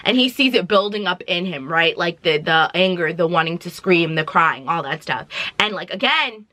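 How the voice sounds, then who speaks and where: Woman, vlogger, chatty recap, bright voice, dry close mic. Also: fairly low pitch, normal speed, no echo. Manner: animated, dramatic retelling with slang and asides. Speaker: vlogger reviewing a film. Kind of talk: casual chatty movie recap.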